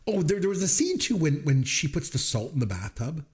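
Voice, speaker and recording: A man's voice: on the high side, brisk. A man co-hosting a podcast, chatting casually about a movie and acting out its scenes with frequent laughter. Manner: animated storyteller, acts out movie lines and laughs often. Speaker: podcast co-host. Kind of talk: casual movie review chat.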